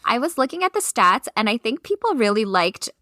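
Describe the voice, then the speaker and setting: A woman co-hosts a podcast, chatting casually and laughing often. Her voice is fairly high with big pitch swings, a brisk pace, and a sharp tone, captured in clean studio sound with no room echo.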